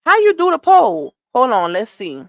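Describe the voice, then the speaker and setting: A woman's voice: fairly high pitch, huge pitch swings, normal speed, no echo. A woman hosting a live stream, chatting and giving gossip commentary while greeting her viewers by name.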